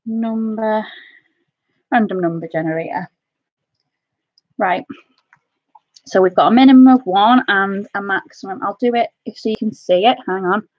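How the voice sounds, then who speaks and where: A Welsh woman at a middling pitch chats her way through a craft live stream, calling viewers "my lovely". The sound is dry and close, with a slightly dull, muffled top end. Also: moderate pace, long pauses, no echo. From North Wales. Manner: chatty, calls viewers "my love" and "my lovely". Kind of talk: casual live-stream chat.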